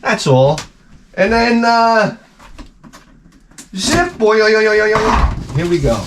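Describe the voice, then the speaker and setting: A middle-aged man talks his way through a crude, rambling package-opening vlog, his pitch swinging all over as he swears and jokes. He lapses into quick mock voices to tell his stories. A faint hiss sits under the recording. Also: animated.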